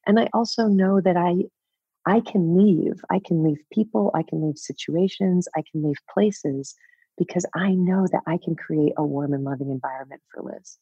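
A woman's voice: on the low side, moderate pace, mellow, slightly rough, no echo, dull audio. A woman in her fifties telling a personal story as a podcast guest, frank and wry, laughing at herself. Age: 50s. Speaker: guest author.

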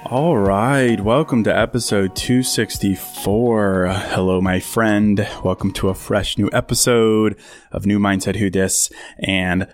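Soft background music plays as a podcast host talks casually to his listeners on his own. His lowish voice is fairly even and a little slow, and he's chatty, laughing often, using many fillers and mock voices for quotes.

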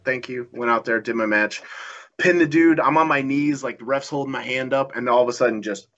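A man's voice: mid-range voice, fairly quick, a bit bright, dull audio. A man telling a story in casual chat as a guest, acting out quoted lines and swearing freely. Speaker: guest wrestler.

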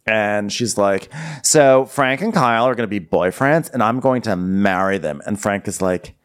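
A man's voice: lowish voice, moderate pace, clear, resonant tone. A man co-hosting a podcast, chatting casually and doing campy voices when he quotes people. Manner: animated, puts on campy voices when quoting. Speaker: podcast co-host. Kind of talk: casual recap chat.

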